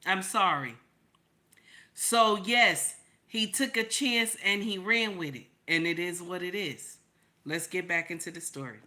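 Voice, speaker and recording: Bright-voiced emphatic woman host. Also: fairly low pitch, unhurried. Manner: emphatic, repeats points, greets chat by name. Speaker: channel host. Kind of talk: casual commentary livestream.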